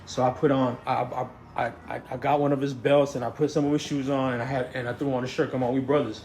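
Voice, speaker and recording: A man's voice: mid-range voice, flat delivery, fast, a little mellow. A man, telling a story in a rambling way, stammering and restarting, saying "you know what I'm saying" over and over. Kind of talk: casual storytelling. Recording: echoey room, faint noise.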